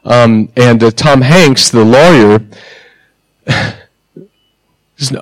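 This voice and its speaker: A male pastor delivers a conversational sermon, leaning on rhetorical questions and deliberate pauses. His voice sits at an ordinary middle pitch. The sound is close and dry, with no room echo.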